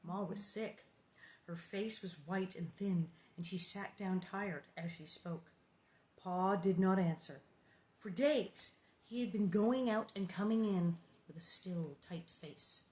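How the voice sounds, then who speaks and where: A woman's voice: mid-range voice, slow pace, a little mellow. A woman reading a children's book aloud, breaking off for squeamish, jokey asides. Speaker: reader.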